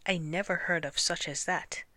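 A woman's voice: on the low side, fairly even intonation, normal speed, pushed and bright, dry recording. A woman reading a storybook aloud and voicing a plucky young peasant girl with folksy, dryly doubtful replies. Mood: wry.

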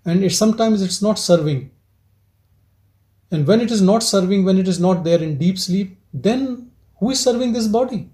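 A man leads a satsang, his voice sitting high for a man yet soft and mellow in tone. He turns over one rhetorical question after another in a gentle, probing teaching manner, the talk reflective rather than forceful. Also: normal speed. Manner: asks repeated rhetorical questions. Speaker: spiritual teacher leading a satsang.

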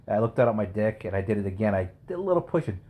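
A man's voice: on the low side, very animated, very fast, warm tone. A man co-hosting a podcast, telling stories in a crude, profane casual chat. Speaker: podcast co-host.

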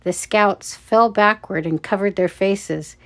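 Slow-reading woman storyteller. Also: medium pitch, a bit bright. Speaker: narrator. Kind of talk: children's story read aloud.

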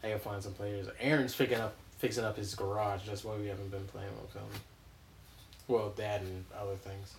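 A man's voice: lowish voice, level tone, brisk, slight background noise. Laid-back male podcast host, rambling. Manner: rambling, filler-heavy, laughs often. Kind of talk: casual chat.

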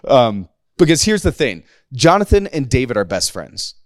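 A pastor in his thirties preaches a casual, conversational sermon to his congregation, slangy and playful, acting out the quotes. His mid-range voice is very animated at a moderate pace. The recording is dry, with clean studio sound.

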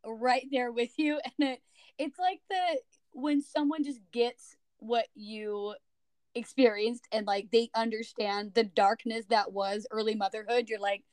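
Higher-voiced woman host, dry sound. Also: fairly even intonation, unhurried, no room sound. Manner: warm, laughing, encouraging interviewer. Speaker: podcast host. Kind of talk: casual interview chat.

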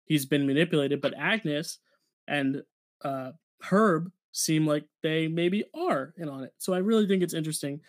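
A man co-hosting a casual review podcast over a video call, talking in a relaxed, hesitant way. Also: a little high, normal speed. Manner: relaxed, hesitant, with many ums and uhs. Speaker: podcast co-host. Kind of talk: casual chat.

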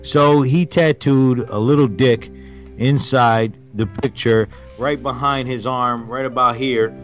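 A man's voice: mid-range voice, steady tone, slow pace, soft background music. A middle-aged man co-hosting a podcast, telling stories in a rambling, hesitant way full of ums. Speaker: podcast co-host. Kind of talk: casual storytelling chat. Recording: dull lo-fi recording.

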